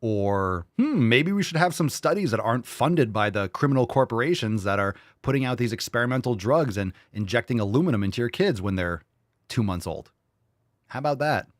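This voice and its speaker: A man's voice: mid-range voice, lively intonation, fairly quick, no room sound, studio quality. A man hosting a podcast, reacting to clips with mocking, profane, ranting political commentary. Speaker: podcast host.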